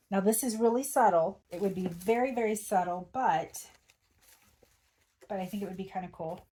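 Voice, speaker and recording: A woman's voice: mid-range voice, warm tone, slightly rough. A woman hosting a craft tutorial, chatting casually and thinking aloud as she works. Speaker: crafting channel host.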